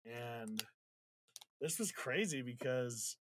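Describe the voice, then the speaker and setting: A man's voice: medium pitch, lively intonation, slow, fairly bright tone, slight background noise. A man in a casual conversation, telling a personal story candidly, swearing freely and getting emotional as he talks. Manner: reflective, gets emotional while recounting.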